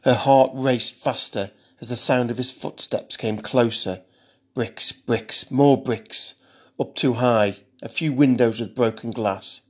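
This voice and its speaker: A man's voice: medium pitch, a little mellow. Man narrating a tense thriller.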